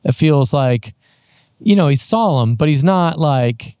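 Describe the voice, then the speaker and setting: Higher-voiced guy musing out loud on a bible podcast, lots of likes, dry mic. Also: expressive, measured pace, clear, resonant tone, no echo. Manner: enthusiastic, thinks aloud with many "like"s and restarts. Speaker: podcast co-host. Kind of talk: casual Bible discussion.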